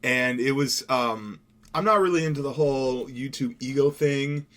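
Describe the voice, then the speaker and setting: A man's voice: mid-range voice, normal speed, fairly bright tone. A young man from Seattle giving casual gameplay commentary as a gaming YouTuber, rambling and laid-back, swearing now and then. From Seattle, USA.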